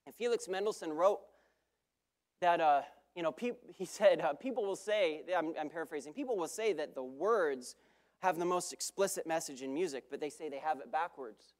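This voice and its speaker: A man, a guest preacher, delivering a sermon with emphatic repeated phrases and quick self-correcting asides. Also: a little high.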